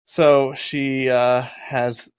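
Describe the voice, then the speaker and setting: Male game master, unhurried and rambling, dry close mic. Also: medium pitch, little pitch movement, clear, resonant tone, no room sound. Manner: rambling, laughs between lines, counts out loud. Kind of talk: narrating a tabletop game.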